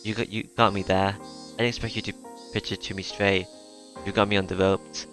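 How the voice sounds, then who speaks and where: A sly teenage girl with a mocking, breezy edge, read by a man in a low voice. She plays innocent and deflects. Soft music sits faintly behind her. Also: little pitch movement, fairly quick. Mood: amused.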